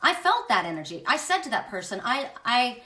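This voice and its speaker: A woman's voice: medium pitch, sing-song, fast, bright, forceful tone, reverberant, recorded from a distance. A middle-aged woman, a spiritual reader, telling a personal story in a candid, blunt way and swearing when angry. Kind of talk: emotional personal monologue.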